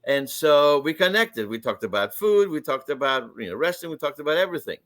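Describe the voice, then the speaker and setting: A man's voice: on the high side, big pitch swings, a little fast, fairly bright tone, no room sound. A man co-hosting a podcast, telling a story in an earnest, confiding way. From Greek heritage. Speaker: podcast co-host. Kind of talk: casual storytelling.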